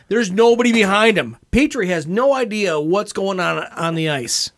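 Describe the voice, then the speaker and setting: A man co-hosts a sports talk show from a radio studio and tells rambling, jokey stories about the team. His voice sits fairly high for a man. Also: expressive, normal speed, fairly bright tone. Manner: joking, rambling storyteller. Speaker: radio co-host. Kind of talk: casual sports radio banter.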